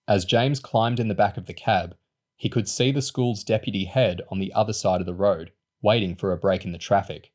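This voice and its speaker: A man reading a novel aloud in a steady narrating voice. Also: on the low side, brisk. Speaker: audiobook reader. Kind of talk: storybook reading.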